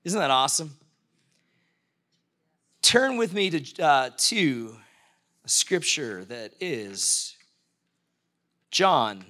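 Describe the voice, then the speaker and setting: A man preaching to his church congregation with a bright, forceful tone and a high-pitched voice. He talks in a conversational way and keeps asking the congregation questions. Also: sing-song, drawn-out words, long pauses. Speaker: pastor. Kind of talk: sermon. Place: church, live-streamed service.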